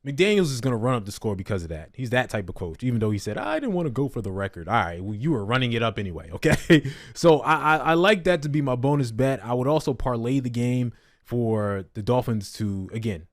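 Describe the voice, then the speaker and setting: Male betting-show host, mid-pitch, dry close sound, easygoing and quick to laugh. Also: expressive, dry recording. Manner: laughs often, moves the show along. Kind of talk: casual sports betting chat.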